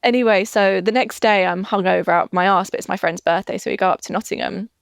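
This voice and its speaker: A woman's voice: mid-range voice, steady tone, fast, gravelly, smooth, dry recording. Chatty young Englishwoman, dry close sound. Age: 20s. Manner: chatty, laughs often, acts out quotes. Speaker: podcast guest. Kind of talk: casual storytelling.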